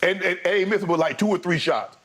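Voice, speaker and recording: A man co-hosting a sports debate show, excitable and animated, often quoting players in a raised voice and laughing. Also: high-pitched, a little fast.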